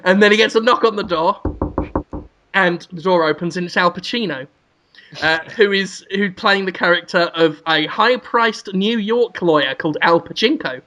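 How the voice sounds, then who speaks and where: A man on a podcast, rambling through an absurd story he makes up as he goes. His voice sits high and sounds bright and lively. He giggles often and slips into goofy put-on voices. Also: moderate pace. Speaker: podcast panelist.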